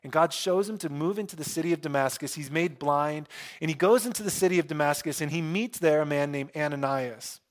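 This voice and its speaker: Animated man preaching a sermon. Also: on the high side. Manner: conversational, joking asides, animated emphasis. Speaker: pastor.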